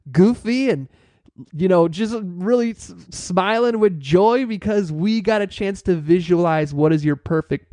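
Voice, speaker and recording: A man's voice: on the high side, darkish tone, no room sound. A man hosting a motivational class, talking in an upbeat, playful and encouraging way. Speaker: workshop host.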